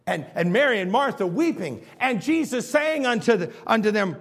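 Animated preacher with a husky, lively voice. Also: male voice, sits high, normal speed. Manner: animated, swings between hushed and loud, acts out scenes. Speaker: pastor. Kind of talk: sermon.

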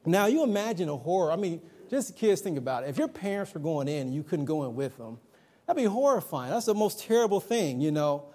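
A middle-aged man delivers a sermon to a young congregation in a notably high voice. He keeps it conversational, mixing emphatic points with personal anecdotes. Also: sing-song, brisk, dark tone. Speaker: preacher.

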